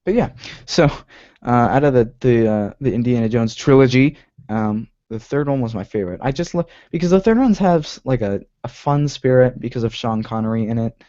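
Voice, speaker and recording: This young live web show host has a mid-range, dark-toned voice that is expressive and a little fast. His casual talk wanders, full of restarts, "like" fillers and self-corrections, and the home stream audio is dull and lo-fi.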